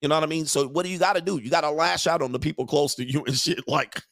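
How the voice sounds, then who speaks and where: A man's voice: on the high side, fast, a bit bright, no room sound, clean studio sound. A man hosting a show, delivering a crude, mocking livestream rant and laughing often. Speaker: show host.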